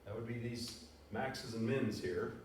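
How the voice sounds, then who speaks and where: A man's voice: medium pitch, a little slow, heavy background noise. A man teaching a math lesson in a casual way, thinking aloud and counting off numbers as he plots points. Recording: very echoey room, voice from far off, faint music.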